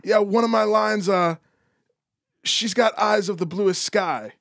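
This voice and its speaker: A man voicing an earnest old Portuguese-American man in his sixties who talks in a slow, halting drawl. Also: sits high, vocal fry, a bit bright, dry recording, studio quality, pitched above the performer's own voice, heavily acted. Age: 60s.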